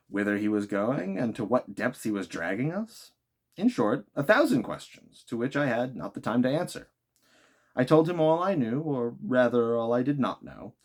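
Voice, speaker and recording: A man narrates a classic novel aloud in an animated voice that rises and falls freely. He sometimes breaks off into chatty asides to his viewers. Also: medium pitch. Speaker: audiobook reader.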